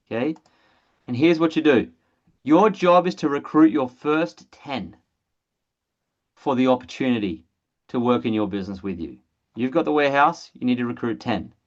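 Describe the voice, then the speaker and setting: Excitable presenter on a dull lo-fi call. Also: mid-range voice. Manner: blunt, excitable, swears casually. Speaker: presenter of an online training call. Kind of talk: energetic sales training webinar. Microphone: video call.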